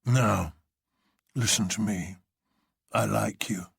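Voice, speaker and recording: A man's voice: fairly low pitch, fairly even intonation, takes it slowly, vocal fry, husky, dry recording, clean studio sound, voice pushed down, exaggerated voice. A man voicing a huge, commanding older man who presides over an anarchist council, drawling with grand mockery.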